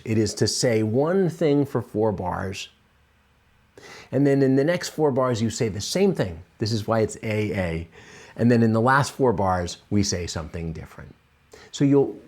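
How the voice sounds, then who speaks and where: A man teaching piano, explaining a blues piece at an unhurried pace with many fillers. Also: lowish voice, a little mellow, slightly rough. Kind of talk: relaxed instructional explanation.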